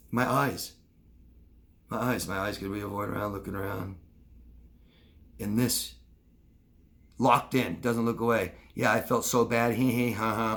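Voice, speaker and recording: A man gives a coaching lesson straight to camera. He talks casually, in an everyday voice, and keeps breaking into quick acted-out examples to make his points. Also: medium pitch. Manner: conversational, acts out short demonstrations of lying and truth-telling. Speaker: relationship coach. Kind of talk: instructional talk to camera.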